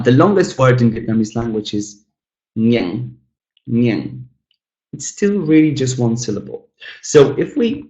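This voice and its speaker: A man's voice: medium pitch, roomy sound, muffled recording. A man teaching an English webinar, saying each example word twice and chatting to the learners as guys. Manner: drills each word twice, slow and careful. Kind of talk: webinar lesson.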